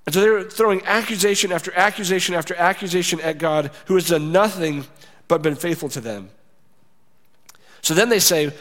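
Brief: male pastor, slightly high voice, casual sermon delivery with a long hall echo. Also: fairly quick, fairly bright tone. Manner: conversational preaching, acts out quoted voices. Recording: long reverb of a large hall.

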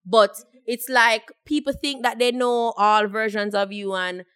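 A woman's voice: on the high side, steady tone, unhurried, a bit bright, smooth, dry recording, clean studio sound. Reflective young woman. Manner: reflective, explains points at length. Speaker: podcast co-host. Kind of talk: casual chat.

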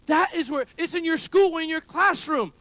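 A male pastor delivers a sermon in a very high, bright, forceful voice. He calls to the congregation for amens and builds to loud, emphatic peaks. He preaches from a church gathering held in a school building. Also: normal speed, dry recording. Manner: call-and-response preaching, rising to shouts.

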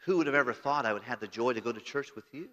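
A middle-aged American pastor delivers an earnest sermon, his bright, sharp voice rising to loud declarations and sinking to hushed confidences. The sound carries a long reverb from a large church sanctuary. His tone stays at an everyday middle pitch. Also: very fast. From United States. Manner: earnest preaching, voice swelling loud then dropping low and intimate.

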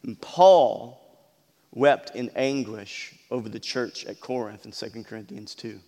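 A man's voice: medium pitch, measured pace, mellow. A man preaching a sermon as pastor, asking the congregation questions and often repeating his words. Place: church hall. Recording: long hall reverb.

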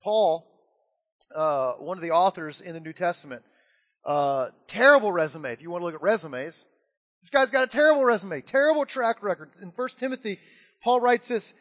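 Man, pastor, animated sermon; high-pitched voice with long reverb from the hall. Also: normal speed. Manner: animated storytelling with acted-out quotes.

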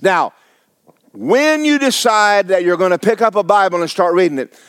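A man's voice: high voice, lively intonation, normal speed, fairly bright tone, clean tone, no room sound, clean studio sound. A man preaching a sermon, folksy and fiery, repeating phrases for emphasis. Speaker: pastor.

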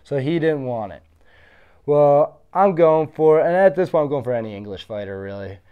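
A man's voice: fairly high pitch, lively intonation, normal speed, smooth, muffled recording. A man in his early thirties, a former fighter being interviewed, telling his story in a blunt, confident, boastful way. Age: 30s.

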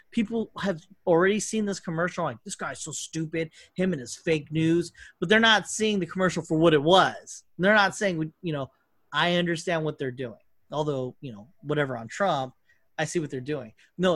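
A man's voice: a little high, a bit bright, no echo, studio quality. A man hosting a casual podcast chat, rambling and swearing freely, often restarting his sentences. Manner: rambling, profane, with quick restarts. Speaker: podcast host.

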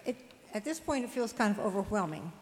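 A woman's voice: medium pitch, animated, fairly quick. Woman class member, hesitant question, off-mic in a hall with faint noise. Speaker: class participant asking a question. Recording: distant voice in a reverberant hall.

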